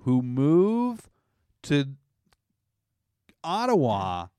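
A man with a smooth, resonant voice chats easily as a podcast co-host. His delivery is relaxed and conversational, recorded dry and close. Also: fairly high pitch, very slow, no room sound. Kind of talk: casual chat.

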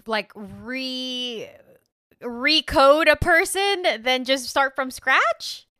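A woman's voice: sits high, extremely slow, bright, forceful tone, clean tone, no room sound, clean studio sound. A woman co-hosting a casual comedy chat, asking playful questions. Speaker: podcast co-host.

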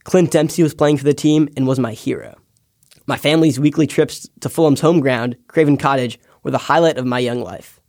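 A young man, a podcast intern, reading a scripted personal essay with wry, deadpan asides. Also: mid-range voice, a little fast, no room sound, studio quality. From United States. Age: young adult.

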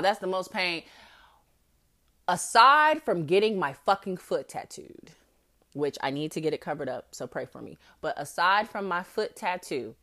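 Woman, 40s, podcast host; lively, profane comic storyteller. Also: fairly low pitch. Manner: profane, brash and animated; laughs often mid-sentence. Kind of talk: comedic storytelling.

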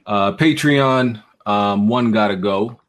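Low-voiced guy hosting a gaming podcast, chill and teasing. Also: slow. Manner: laid-back, teasing. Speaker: podcast host. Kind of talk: casual gaming podcast chat.

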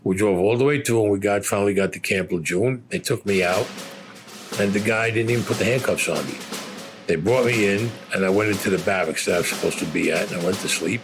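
Over music in the background, a man with a lowish voice speaks fairly quickly. He's an older Brooklyn, New York native being interviewed, bluntly spinning profane tales from his past, cursing constantly and performing the quoted lines.

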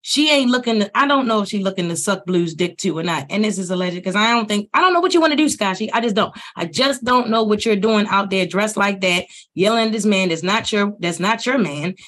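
A woman's voice: expressive, fairly quick, hardly any pauses. Blunt, profane woman reviewing a reality show. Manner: blunt, profane, rising loud and high when ranting. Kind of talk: profane casual commentary.

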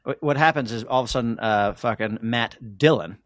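A man co-hosting a casual podcast, spinning a story with animated, profanity-laced energy. His voice is mid-pitched and dry, close to the mic. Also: brisk, no echo. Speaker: podcast co-host.

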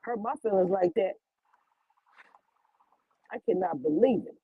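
A woman's voice: medium pitch, slightly rough, no room sound, phone-quality sound. Livestream host, woman from Louisiana, sassy and teasing, on a phone in a dry, close sound. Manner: sassy, playful, teasing, quick to laugh. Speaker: reality TV reviewer, livestream host. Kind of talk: casual livestream chat with viewers. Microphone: phone with headphones.

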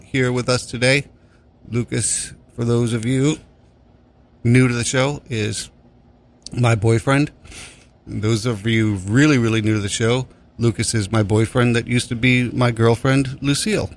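A man's voice: mid-range voice, fairly even intonation, unhurried, pauses often. Rambling, joking radio host man. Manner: rambling, joking, swears freely. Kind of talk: casual on-air chat. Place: radio studio. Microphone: studio microphone.

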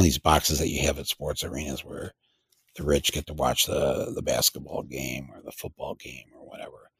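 Gravelly man, slow anecdote teller, wry, lots of ums and restarts, dry close sound. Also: deep voice, dry recording. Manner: rambling, frequent fillers and restarts, wry. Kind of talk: storytelling anecdote to an audience.

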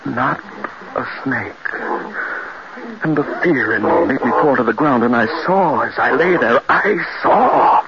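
Tormented, guilt-ridden man in 1940s radio drama; slow, lurching delivery, muffled vintage recording with heavy hiss. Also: fairly high pitch, vocal fry, exaggerated voice. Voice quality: strained, breaking into anguished cries. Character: guilt-stricken man, frantic and unhinged with horror. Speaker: Charles Prentice, a man haunted by his wife's death.

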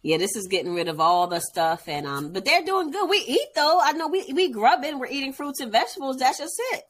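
A woman co-hosting a podcast in casual chat, playful and animated, laughing easily. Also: high voice, fairly quick. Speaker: podcast co-host.

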